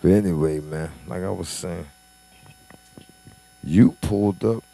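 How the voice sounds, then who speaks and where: A man delivers a casual commentary monologue. He is profane and animated, and he keeps building into indignant, mocking rants. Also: low-pitched, unhurried, creaky.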